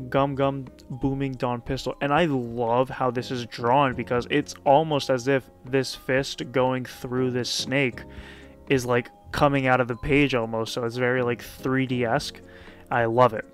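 A man's voice: mid-range voice, flat delivery, soft background music. A man casually recapping and commenting on a manga chapter in a loose, chatty way, with plenty of fillers. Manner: loose, chatty retelling with frequent fillers and quick laughs.

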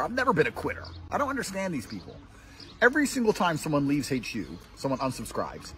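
A man's voice: mid-range voice, a little hiss or hum. A man delivering provocative monologues in a brash, profane, lecturing way. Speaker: self-styled money and lifestyle guru. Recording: echoey clips with faint music.

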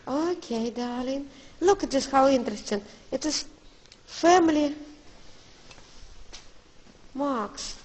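High-voiced mother narrating a church visit. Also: takes it slowly, long pauses, a little mellow, rough recording. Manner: coaxing and affectionate, keeps calling her child darling; simple non-native English grammar. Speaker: mother filming a family outing. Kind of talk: casual handheld vlog narration. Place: outdoors by an old church, then inside it.

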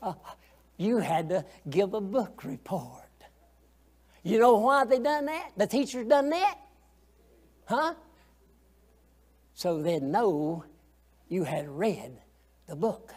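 A man's voice: high voice, sing-song, slow pace, pauses often, darkish tone, breathy edge. A man teaching a Sunday school lesson, folksy and colloquial, asking the class questions as he goes.

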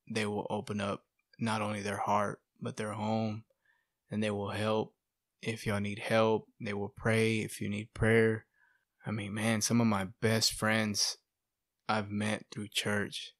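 Lively storytelling man, dry close voice. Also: on the low side, no echo. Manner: animated, fills speech with "right?" and "you know". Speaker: podcast guest sharing testimony. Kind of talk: casual storytelling.

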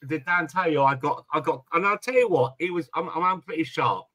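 A man's voice: on the high side, fairly quick, dry recording. A man telling a story in casual live-stream chat, swearing freely. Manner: swearing storyteller, animated anecdotes.

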